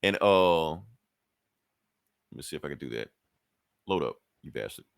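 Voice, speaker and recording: A man's voice: very deep voice, lively intonation, normal speed, smooth, dry recording, studio quality. A man co-hosting a podcast, retelling a comic episode in a loose, rambling, profane way. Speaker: podcast co-host. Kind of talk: casual comic recap.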